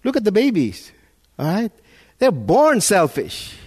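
A man's voice: high-pitched, wildly swooping pitch, unhurried, slightly rough. Emphatic man preaching a sermon. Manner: emphatic, repeats words, rises and falls in loudness. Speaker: pastor.

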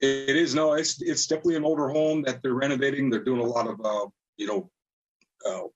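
A man's voice: medium pitch, steady tone, fairly quick, dull audio, noisy background. A middle-aged man, a cabinet designer, talking as a guest in a friendly, easygoing way with many fillers. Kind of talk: casual interview talk.

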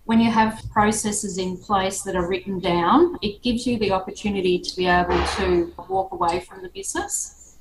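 A woman, co-owner of a business, speaking in a measured, thoughtful way as an interview guest. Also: mid-range voice, animated, slight background noise. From Australia. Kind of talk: reflective interview conversation. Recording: echoey room.

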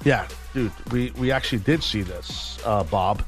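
A man's voice: fairly low pitch, a little slow, soft background music. A man co-hosting sports radio, rambling in loose slang and calling people dude and bro. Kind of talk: casual sports radio banter.

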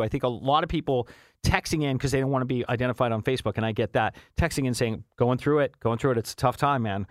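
A man's voice: on the high side, dry recording, clean studio sound. A man hosting a morning radio show, chatting casually and reading listener texts aloud with an upbeat, easily amused manner. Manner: chatty and upbeat, laughs easily, frequent restarts. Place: radio studio. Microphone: studio microphone.

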